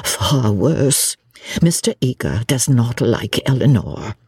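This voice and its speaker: A woman's voice: extremely low pitch, animated, takes it slowly, a little mellow, husky, dry recording, heavily acted. A woman voicing a prim, fussy older English spinster in a dramatic reading of a classic novel, with a fretful, genteel manner.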